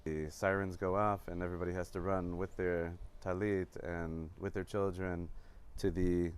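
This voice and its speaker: A visiting father giving an emotional personal testimony, halting and repeating himself. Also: deep voice, clear, resonant tone. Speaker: visiting parent.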